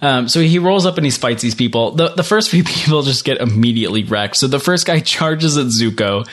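A man's voice: medium pitch, animated, a little fast, fairly bright tone. Rambling man in casual chat. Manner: rambling, heavy use of "like" and "um". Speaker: podcast co-host recapping an episode.

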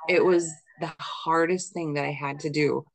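Low gravelly-voiced woman guest. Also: fairly even intonation, normal speed, low-quality recording. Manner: thoughtful, hesitant with "um". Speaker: podcast guest, medium. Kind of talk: casual chat.

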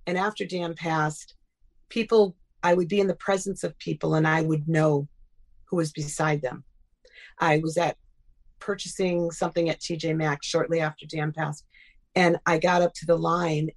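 A middle-aged woman telling personal stories in a casual interview, acting out quoted dialogue. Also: low voice. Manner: animated, acts out quoted dialogue. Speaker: guest.

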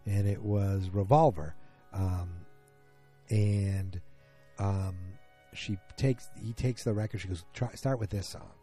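A man's voice: lowish voice, fairly even intonation, slow pace, mellow, soft background music. Rambling man recapping a TV episode. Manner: rambling, many fillers and restarts.

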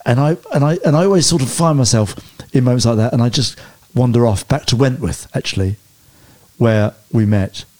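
A man telling lively personal stories as an interview guest, often stumbling and restarting mid-sentence. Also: medium pitch, a little fast. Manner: animated anecdotes with hesitant restarts. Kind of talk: storytelling interview chat.

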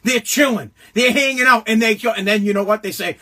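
A man hosting a political commentary show, delivering a heated, mocking rant full of swearing and frequent shouting. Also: sits high, fairly even intonation, brisk, few pauses. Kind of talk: profane political rant monologue.

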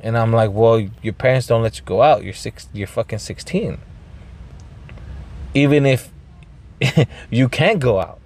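A man hosting a podcast, telling a rambling story with lots of swearing, throat clearing and bits of Spanish. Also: mid-range voice, expressive, a little slow, pauses often, a little mellow. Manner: mixes in Spanish phrases. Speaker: podcast host. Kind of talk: casual storytelling monologue.

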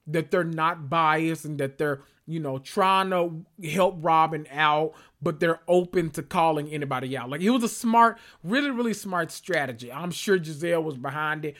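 A man's voice: a little high, moderate pace, hardly any pauses, fairly bright tone. A man hosting a podcast, recapping reality TV in casual, sassy, profane talk full of asides. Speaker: podcast host.

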